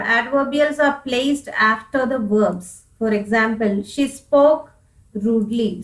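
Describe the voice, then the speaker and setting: Indian lady english teacher, kinda high voice, sounds far off the mic. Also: a bit bright. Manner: explains patiently, asks and answers her own questions, says "okay" often. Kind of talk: grammar lesson. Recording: echoey room, voice from off-mic.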